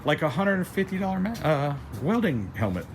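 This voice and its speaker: A man vlogging casually as he walks through his trailer and workshop, chatty and excitable, laughing often. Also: fairly high pitch, brisk, background noise. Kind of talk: casual walk-around vlog.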